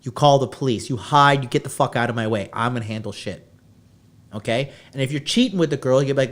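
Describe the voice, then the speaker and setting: A man hosting a podcast, ranting brashly and swearing constantly as he lectures his listeners on dating. His voice sits at an ordinary middle pitch for a man. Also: brisk. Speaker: podcast host. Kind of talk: profane dating-advice rant.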